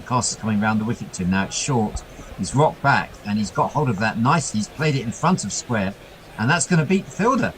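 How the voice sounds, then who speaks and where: A man giving chatty ball-by-ball cricket commentary, getting excited when the ball reaches the boundary. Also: fairly low pitch, poor audio.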